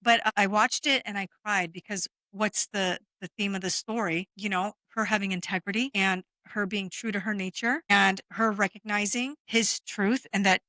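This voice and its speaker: A woman's voice: medium pitch, steady tone, normal speed, few pauses, pushed and bright, no room sound. A woman energy healer talking frankly in a casual podcast chat, explaining with the odd swear word.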